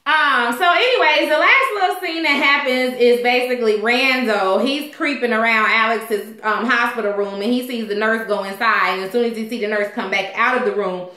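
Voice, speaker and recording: A woman casually recapping a TV episode, chatty and animated, acting out the characters and a little tipsy. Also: a little high, normal speed, few pauses, echoey room. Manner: chatty, animated, loud quoting of characters, frequent laughs. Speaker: TV recap host.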